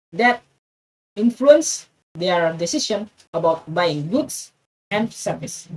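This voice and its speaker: A woman with an Indonesian accent reads an English passage aloud for practice. She stumbles, repeats words and restarts often. Her voice sits somewhat high and she is a little far from the microphone. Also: darkish tone. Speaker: English learner reading aloud.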